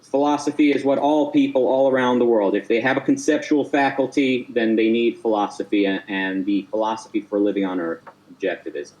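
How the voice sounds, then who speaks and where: A man's voice: medium pitch, fairly even intonation, fairly quick, darkish tone, low-quality recording. Hesitant stammering man debating. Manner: hesitant, stammering, many restarts. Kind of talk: casual debate call.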